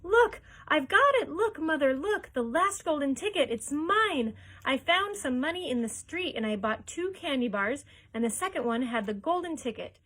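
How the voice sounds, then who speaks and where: A woman voicing an excited young boy, loud and high with tumbling words. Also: moderate pace. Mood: overjoyed.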